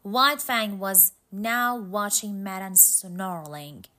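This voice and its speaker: A woman narrating a storybook in a calm, measured reading voice. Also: medium pitch.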